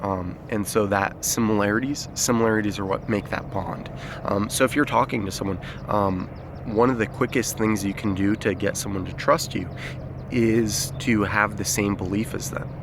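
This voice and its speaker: A man's voice: fairly low pitch, steady tone, normal speed, noisy background. A man giving an unscripted self-help lesson outdoors, talking loosely with many fillers and restarts, recorded on a phone. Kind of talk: unscripted outdoor explainer video. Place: outdoors in nature. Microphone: phone held by the speaker.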